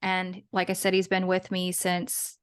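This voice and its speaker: A woman's voice: on the low side, monotone, a little slow, smooth. A woman guest in a casual interview, talking in a chatty, rambling way with frequent restarts and small laughs. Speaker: guest, business owner and podcaster.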